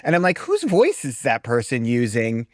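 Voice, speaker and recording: A straight-talking man from the US East Coast, speaking at an ordinary middle pitch. He is a breathwork teacher chatting as a guest, blunt and emphatic. The recording is close and dry, with no room sound. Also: huge pitch swings, moderate pace, no echo. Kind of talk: casual conversation.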